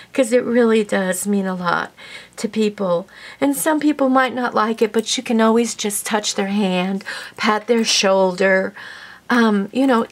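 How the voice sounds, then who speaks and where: A woman vlogger telling a heartfelt personal story to her viewers in a casual, rambling way, with many fillers and an emotional, sometimes tearful tone. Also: mid-range voice. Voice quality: warm, emotional, tearful at times.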